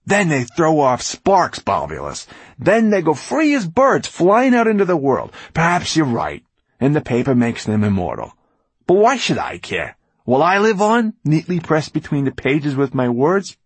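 A guy playing a fired-up old storyteller, loud and raised, gravelly. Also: a little high, wildly swooping pitch, a little slow, no echo, voice pushed up, full character voice. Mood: impassioned. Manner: impassioned, mocking. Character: passionate old male storyteller, scornful and lively.

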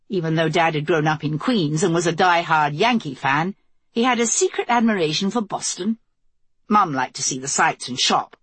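Husky low-voiced woman narrating. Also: dry recording. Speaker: audiobook narrator. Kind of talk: scripted narration.

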